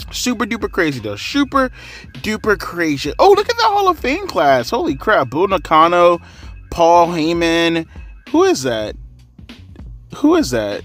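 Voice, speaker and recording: On the high side and a bit bright, a man's voice delivers a casual, rambling wrestling recap. He's a wrestling commentary vlogger who is sarcastic and swears freely.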